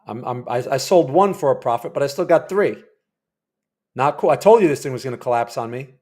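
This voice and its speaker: A man's voice: medium pitch, animated, brisk, a little mellow. A man hosting a live day-trading stream, chatty and rambling as he comments on trades and quizzes his chat. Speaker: day trading livestream host.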